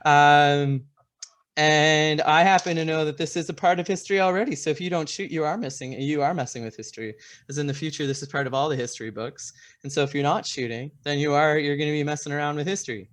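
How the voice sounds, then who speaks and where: A player in a tabletop role-playing game who speaks excitably in character and often restarts sentences. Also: mid-range voice. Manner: excitable, restarts sentences, talks fast when pressed.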